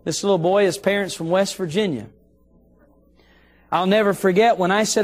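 A middle-aged male preacher delivering an evening sermon in a church, telling a story and slowing down to stress key phrases. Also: high voice. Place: church sanctuary.

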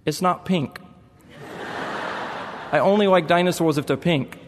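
A man's voice: fairly high pitch, unhurried, long reverb tail, noisy background, close to an everyday voice. A man voicing a stubborn little girl who pouts and refuses. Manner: pouty, stubborn.

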